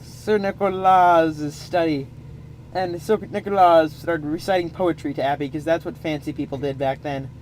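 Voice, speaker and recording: A man's voice: fairly high pitch, steady tone, fairly quick, few pauses, darkish tone, a little hiss or hum. A man improvising a comic story, rambling with playful asides.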